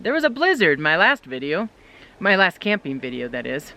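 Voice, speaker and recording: With a deep, sing-song, sharp-toned voice at normal speed, a woman vlogs from her tent in the snowy woods, chatting upbeat and casually to viewers on a solo winter camping trip. The audio sounds dull.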